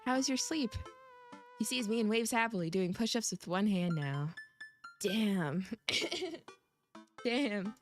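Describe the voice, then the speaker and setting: While streaming a dating game, a young woman keeps up loose let's-play chatter full of giggles, rambling, and jokes at her own expense, and she coughs. She speaks slowly in a mid-range voice with long pauses, with faint music in the background.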